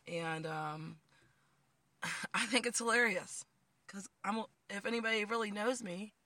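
Male co-host, middle-aged, bright and jokey, casual banter. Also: high voice, measured pace, dry recording. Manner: joking, laughs often. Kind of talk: casual chat.

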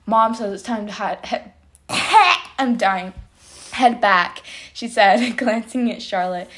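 A hoarse woman hosting a podcast, reading her old stories aloud with giggly, self-mocking asides. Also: medium pitch, lively intonation, slow, fairly bright tone. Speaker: podcast host.

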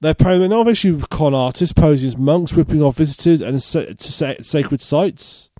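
Male podcast host, mellow fairly high voice, dry close sound, reads news with jokey asides. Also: expressive, a little fast, no echo. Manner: reads out odd news stories with laughing asides. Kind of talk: casual comedy podcast chat.

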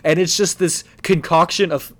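A man's voice: fairly high pitch, fairly even intonation, moderate pace. A man in his twenties co-hosting a podcast, telling a rambling story full of fillers and laughing as he goes. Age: 20s. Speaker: podcast co-host. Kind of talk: casual storytelling chat.

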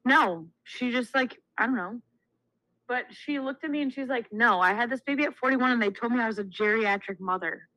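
A woman in her twenties, co-hosting a casual chat podcast and telling stories in an animated way, acting out the quotes. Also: a little high, fairly quick, dry recording, poor audio. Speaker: podcast co-host.

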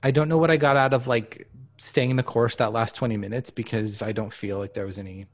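A man hosting a casual movie podcast, wry and joking with his co-hosts. He talks quickly in a middle-pitched voice. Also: fairly even intonation. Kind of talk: casual chat.

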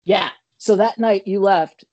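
A man recounting a story on a casual podcast, rambling and animated with lots of fillers. His voice is mellow and dark, recorded dry and close. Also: sits high, measured pace, no echo, dull audio. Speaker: comedian and podcast co-host.

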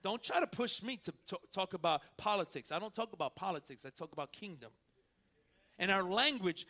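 Preaching a sermon in a high-sitting, expressive voice, a male pastor moves from quiet asides to loud delivery. He tells stories through rapid back-and-forth dialogue.

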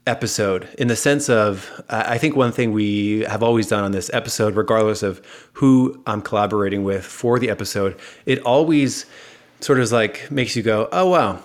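American man, podcast host, low voice, upbeat, joking, casual chat. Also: moderate pace.

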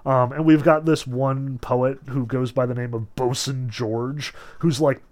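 A man's voice: medium pitch, steady tone, unhurried, darkish tone, soft background music. A man giving a casual literature lecture, often saying "notice" and "like" and reading passages from a novel aloud. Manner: chatty, lots of "like" and "notice", reads passages aloud.

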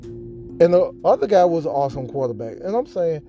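A man's voice: on the high side, big pitch swings, fairly quick, mellow, faint music behind. A man hosting a podcast, telling an emotional sports fan story in a dramatic, repetitive and heartfelt way. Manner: earnest, heartfelt. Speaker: podcast host.

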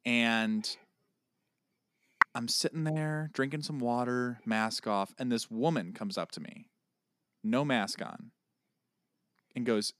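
A man co-hosting a casual podcast chat, telling stories with lively animation and getting loud when riled. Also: medium pitch, slow pace, pauses often, very noisy. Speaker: podcast co-host.

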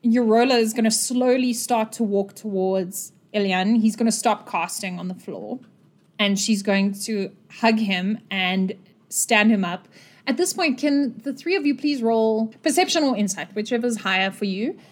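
A woman narrates a tabletop role-playing session as game master. She tells the scene in a lively way and laughs often with her players. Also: medium pitch, moderate pace.

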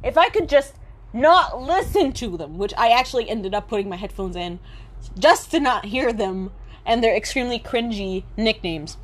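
A woman's voice: fairly high pitch, animated, moderate pace. Sarcastic, foul-mouthed young woman ranting. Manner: sarcastic, profane, rambling with many fillers. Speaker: vlogger. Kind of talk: casual monologue to camera.

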